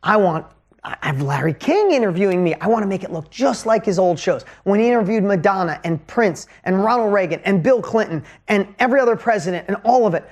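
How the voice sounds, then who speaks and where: Energetic, emphatic motivational speaker, man. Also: brisk. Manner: energetic, emphatic, pitch swinging widely for effect. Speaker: business coach. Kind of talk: motivational storytelling talk.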